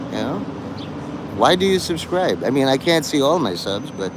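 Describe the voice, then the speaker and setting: A man livestreaming outdoors, chatting to his viewers in a rambling, provocative way with deadpan dark jokes. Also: mid-range voice, normal speed. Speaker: livestreamer talking to chat. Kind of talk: rambling live-stream chat. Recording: street noise in the background.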